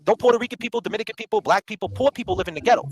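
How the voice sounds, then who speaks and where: A man's voice: sits high, very fast. A man co-hosting a livestream, ranting in a combative, mocking way and swearing freely. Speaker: podcast co-host. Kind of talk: heated livestream rant.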